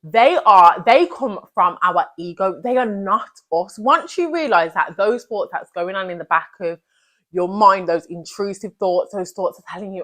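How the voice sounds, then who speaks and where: A woman's voice: medium pitch, animated, measured pace, a bit bright. Young woman hyping up her viewers, chatty, slangy, says everything three times. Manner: emphatic, repetitive, slangy and chatty. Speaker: self-improvement vlogger. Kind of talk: motivational talk to camera.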